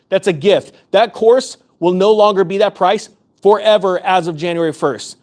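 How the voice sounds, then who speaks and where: A man delivers impassioned commentary straight to his viewers, his voice sitting on the higher side. He sounds fired up and urgent, hammering home his points by repeating them. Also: moderate pace, darkish tone. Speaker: finance YouTuber. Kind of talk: impassioned direct-to-camera commentary.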